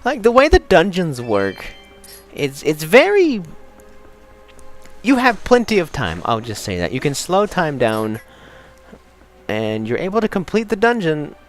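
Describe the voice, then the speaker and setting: Brief: excitable young male let's-player, very animated pitch, game music faintly underneath. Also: unhurried, long pauses. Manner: excitable, chatty, rambling with restarts. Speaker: let's play host. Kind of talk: casual gameplay commentary.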